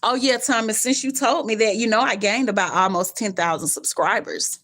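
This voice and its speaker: Animated woman, blunt streamer. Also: moderate pace. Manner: animated storytelling with blunt cussing and sudden pitch jumps. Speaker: live-streaming creator. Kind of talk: live stream chat with viewers.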